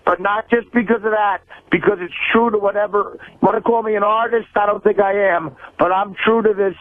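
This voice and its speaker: A brash, foul-mouthed man calls in and argues over a thin, tinny phone line. His voice sits high for a man and he keeps pushing over whoever talks. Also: fairly even intonation, brisk, no room sound. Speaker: caller to a sports radio show. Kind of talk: heated call-in argument. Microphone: phone call.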